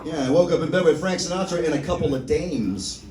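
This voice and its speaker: A man's voice: a little high, fairly quick, distant mic, crowd noise. A man doing a stand-up set on a comedy club stage, wry and self-mocking. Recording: roomy club sound from afar. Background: audience laughter.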